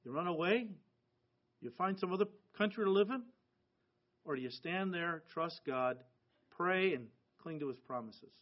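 Middle aged american pastor guy preaching in church, high voice, earnest and chatty, muffled lo-fi audio. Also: lively intonation, normal speed. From United States. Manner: earnest, conversational preaching with rising emphasis. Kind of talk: sermon. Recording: dull lo-fi sound.

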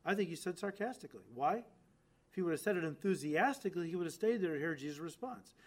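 A preacher delivers a sermon quickly, his voice a little higher than most men's and lively in intonation. He's emphatic, striking key words hard before letting phrases fall to quiet, low endings, and he addresses listeners directly while acting out the lines he quotes.

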